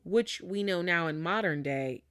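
A woman host recounts a story in a relaxed, chatty way, with lots of fillers. Her voice is on the low side and the sound is dry and close. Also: unhurried, no echo. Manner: conversational, with frequent fillers and laughs. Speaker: podcast host. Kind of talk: casual storytelling chat.

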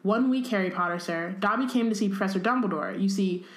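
A deferential, eager male house elf speaks in a quick, formal way, voiced by a woman reading from a storybook. The sound carries a roomy echo. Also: mid-range voice, close to an everyday voice. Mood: earnest. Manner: formal, deferential, refers to self by name.

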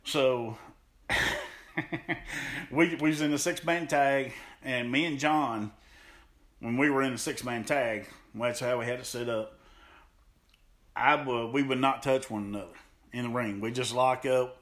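A man's voice: medium pitch, steady tone, measured pace, pauses often, a bit bright. A man in a podcast interview recounts old wrestling matches with animation. He talks in a mid-range voice, slipping into acted-out quotes and laughing often. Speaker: podcast guest, pro wrestler. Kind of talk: storytelling in an interview.

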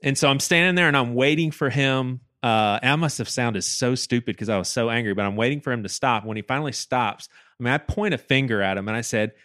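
Animated man telling a story on a dry mic. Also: mid-range voice, fast, hardly any pauses, no room sound. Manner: animated, restarts and repeats words, acts out quotes. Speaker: podcast host telling a personal story. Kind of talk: casual storytelling chat.

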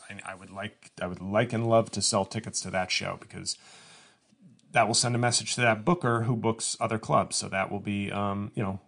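Male comic podcast host, low gravelly voice, loose rambling solo monologue. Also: fairly bright tone. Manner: rambling, self-interrupting, mock-whiny when imitating fans. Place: home studio.

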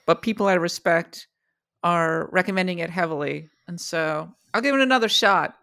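A woman's voice: on the low side, moderate pace, a bit bright. A woman co-hosting a casual game discussion podcast, speaking wryly and jokingly.

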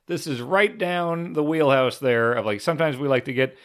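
A man co-hosting a podcast in casual chat, rambling and animated with lots of fillers and restarts. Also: medium pitch, normal speed. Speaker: podcast co-host.

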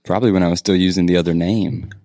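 Dry-humored deep-voiced guest. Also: male voice, steady tone, racing, dark tone, no echo. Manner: dry, joking, easygoing. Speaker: guest, marketing business owner. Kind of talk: casual interview chat.

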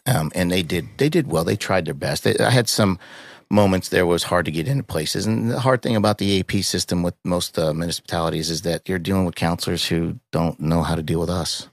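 Deep gravelly middle-aged man, halting and raw. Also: no echo, studio quality. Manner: raw, halting, swears often, with many restarts and fillers. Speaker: podcast guest. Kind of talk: emotional personal storytelling.

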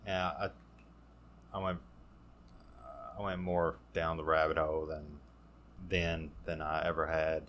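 A man, a podcast guest telling his recovery story in a halting, casual way, full of fillers and restarts. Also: very deep voice, flat delivery, fairly bright tone, a little hiss or hum.

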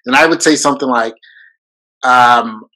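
Earnest bright-voiced man teacher. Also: mid-range voice, normal speed, rough recording. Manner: earnest, thinks aloud with restarts. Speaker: podcast co-host, teacher. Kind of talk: casual conversation.

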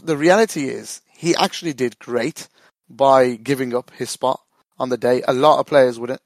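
A man's voice: medium pitch, fairly even intonation, brisk, no room sound. A man chatting casually as a podcast co-host, rambling, swearing and laughing often. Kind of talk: casual football chat.

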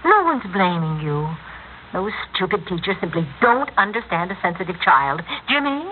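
A woman with a lowish voice and big pitch swings, speaking at normal speed, plays a domineering and possessive middle-aged wife and mother in 1950s radio drama. The character veers between imperious and doting, and the old recording is tinny with faint hiss.

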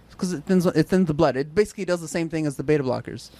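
A man's voice: on the high side, racing, mellow. A young man co-hosting a casual podcast, rambling with lots of "like" fillers. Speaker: podcast co-host. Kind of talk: casual chat.

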